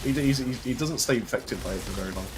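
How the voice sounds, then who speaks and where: A man's voice: medium pitch, expressive, fast, soft background music. A young man co-hosting a game stream, joking casually and laughing often. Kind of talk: casual gameplay chat.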